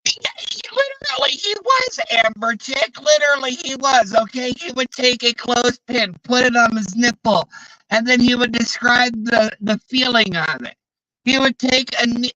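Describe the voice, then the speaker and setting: Bright-voiced man ranting casually. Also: very high-pitched, no echo, highs cut off. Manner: profane, exasperated, rambling. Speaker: streamer. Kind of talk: casual storytelling chat.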